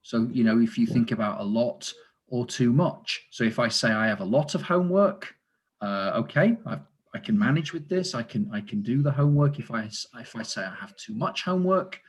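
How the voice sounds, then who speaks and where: A man's voice: medium pitch, animated, moderate pace, slightly rough. A man, a teacher trainer, explaining grammar in an online lesson over a video call, with frequent fillers and asides about the chat.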